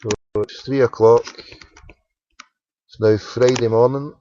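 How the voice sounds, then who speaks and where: A man's voice: mid-range voice, steady tone, measured pace, dark tone, muffled recording, slight background noise. A man hosting a late-night phone-in on internet radio, muttering to himself as he works his computer. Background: keyboard typing and clicks.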